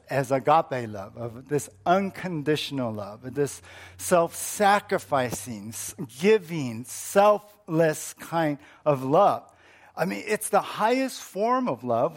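A male pastor preaching slowly and deliberately, his voice sitting somewhat high for a man. He lands his points with earnest repetition. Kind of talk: sermon.

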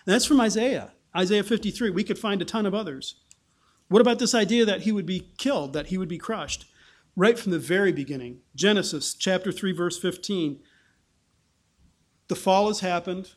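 A man preaching a sermon in an animated way, often restarting phrases and acting out the people he quotes. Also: high-pitched, moderate pace. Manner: animated, acts out quoted voices, frequent restarts.

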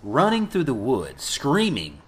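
A man co-hosting a casual podcast, recapping a movie with profanity and acting out the characters' lines in loud, high voices. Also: wildly swooping pitch, measured pace. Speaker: podcast co-host.

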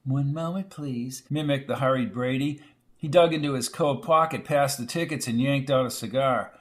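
A man narrating a scripted story in a measured, dramatic way. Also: medium pitch.

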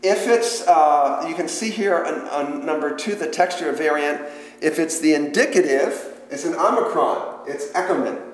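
A man whose voice sits on the high side, speaking at normal speed, leads a Bible study lesson in a church hall. It's conversational and interactive: he poses questions to the class and makes joking asides, while the hall's long reverb echoes around him.

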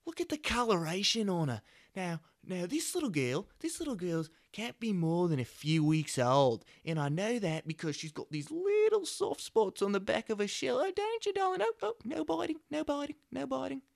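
A man's voice: sing-song, normal speed, gravelly, no echo, clean studio sound, exaggerated voice. A man impersonating a gushing Aussie wildlife host. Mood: doting. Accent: put-on Australian. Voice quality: high and bubbly, breathless delight.

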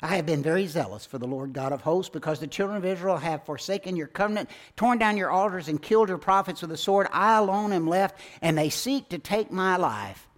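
A man's voice: high-pitched, a little fast, hardly any pauses, close to an everyday voice. A man preaching a sermon, voicing a weary male prophet who pleads and complains. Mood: pleading.

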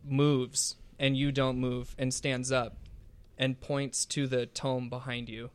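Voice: mid-range voice, little pitch movement, takes it slowly, clear, resonant tone. A game master narrating a tabletop role-playing game, laughing easily and slipping in dry jokes.

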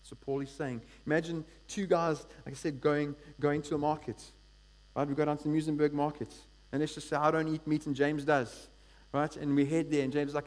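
Energetic preacher, higher voice. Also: male voice, a little fast. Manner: energetic, conversational, often asks "right?". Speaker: pastor. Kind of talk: sermon.

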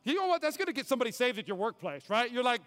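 A man preaching a sermon as pastor, emphatic, repeating key phrases and swinging from loud to hushed. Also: very high-pitched, big pitch swings, very fast. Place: church sanctuary. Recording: hall reverb, church sanctuary.

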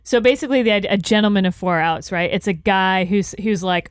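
An upbeat woman runs a word game on a podcast, reading out old insults and asking the others to guess. Her voice sits at a middling pitch for a woman, and the sound is close and dry. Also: a little fast, smooth, dry recording. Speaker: podcast co-host running the game. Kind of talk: casual podcast game chat.

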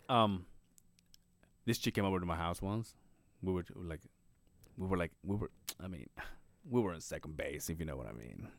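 A man's voice: low-pitched, lively intonation, normal speed, vocal fry, long pauses, no echo. A man co-hosting a podcast, telling stories in casual chat, swearing a lot and acting out the people he quotes. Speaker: podcast co-host.

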